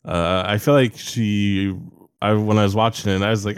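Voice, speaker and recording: A man with a lowish, smooth voice talks through a film in a loose, rambling way, stacking filler words and swearing casually. The sound is dry and close, with no room around it. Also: fairly even intonation, moderate pace, no room sound. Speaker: podcast co-host reviewing a movie. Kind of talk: casual chat.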